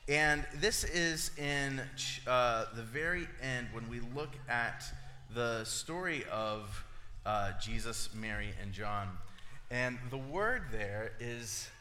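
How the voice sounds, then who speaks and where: A man's voice: medium pitch, lively intonation, slow pace, bright, forceful tone, a little hiss or hum. A man preaching to a congregation in a playful, jokey teaching manner. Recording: echoey church hall.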